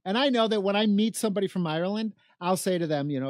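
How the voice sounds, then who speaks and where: A man's voice: sits high, fast, hardly any pauses, no room sound, clean studio sound. A middle-aged man from Chicago giving an emphatic political monologue, full of repetition and rhetorical questions. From South Side of Chicago. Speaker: political commentator.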